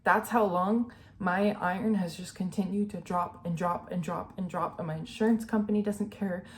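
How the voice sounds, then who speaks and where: A woman's voice: lowish voice, fairly even intonation, normal speed. Earnest young woman vlogging candidly. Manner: earnest, emotional, filler-heavy with "like" and "you know". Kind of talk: candid personal vlog.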